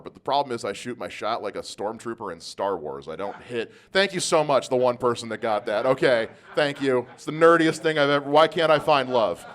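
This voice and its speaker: Male stand-up comedian, self-deprecating, mid-pitched with a lively, swooping delivery. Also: quick pace.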